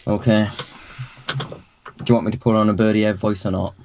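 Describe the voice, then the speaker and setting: A man on a panel chat, talking casually and reading in a flat monotone. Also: on the low side, moderate pace, slight background noise, rough recording. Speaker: panel guest.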